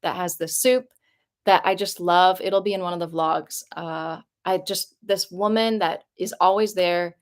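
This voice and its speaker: A woman's voice: lowish voice, steady tone, unhurried. Chatty young woman vlogger. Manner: chatty and rambling, heavy use of "like"; emotional, voice jumps up when moved. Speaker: vlogger answering viewer questions. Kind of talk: casual live-stream chat. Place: her apartment.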